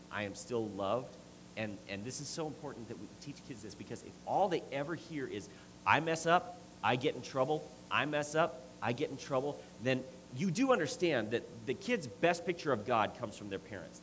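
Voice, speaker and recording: A man's voice: mid-range voice, slight background noise, low-quality recording. A middle-aged man preaching a sermon and telling a family story, with many restarts. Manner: rambling, restarts often, storytelling.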